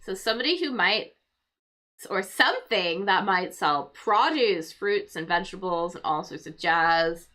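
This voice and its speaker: A woman's voice: lowish voice, expressive, measured pace, sharp tone. A woman hosting a casual crossword livestream for English learners, thinking aloud and explaining word meanings patiently.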